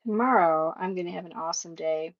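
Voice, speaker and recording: A woman's voice: lowish voice, fast, muffled recording. A middle-aged woman hosting a live painting stream, chatting casually with viewers, reading their messages aloud and laughing often. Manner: warm, emotional, laughs often, reads chat aloud. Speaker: livestream painting host.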